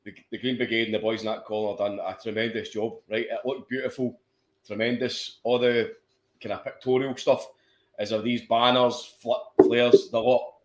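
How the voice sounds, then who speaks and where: A man's voice: mid-range voice, flat delivery, normal speed, echoey room. A Scottish man co-hosting a casual football podcast, laid-back and stammering on his starts, with the odd swear. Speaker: podcast co-host.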